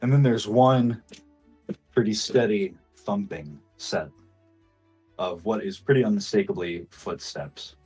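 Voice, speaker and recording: A man's voice: lowish voice, unhurried, a little mellow, breathy edge, faint music behind. A man narrating a tabletop role-playing game as game master, hesitant and full of fillers.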